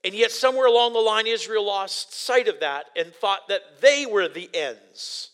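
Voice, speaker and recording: A male preacher delivering a sermon in a high, bright, ringing voice. He reads scripture aloud and then talks it through with growing excitement. His sentences trip and restart, and he breaks into loud exclamations. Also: normal speed.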